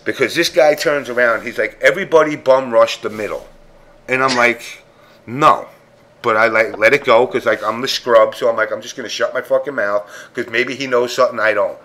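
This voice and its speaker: A man of ordinary pitch chats on a podcast panel. He is blunt and profane, and he acts out the other people's lines as he tells his story. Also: fairly even intonation, a little fast, few pauses, pushed and bright. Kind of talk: casual chat storytelling.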